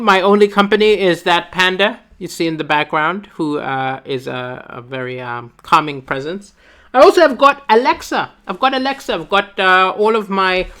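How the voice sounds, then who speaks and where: A woman from Malawi performs a stand-up set from her home. She tells her stories in a quick, animated way, with frequent asides. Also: lowish voice. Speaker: stand-up comedian. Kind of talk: stand-up comedy. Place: at home, alone.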